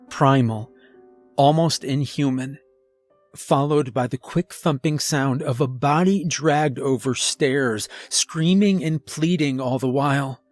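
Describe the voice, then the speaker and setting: A man reading a scripted first-person horror story in a slow, measured way. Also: medium pitch, a little mellow, no room sound. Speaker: narrator.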